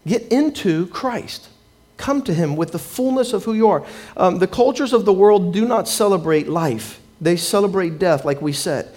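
A man's voice: high voice, darkish tone. A man preaching a sermon as a pastor, telling stories and acting out the people he quotes.

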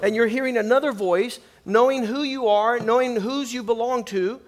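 A middle-aged man preaching a sermon with animated, quick bursts and repeated words. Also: very high-pitched.

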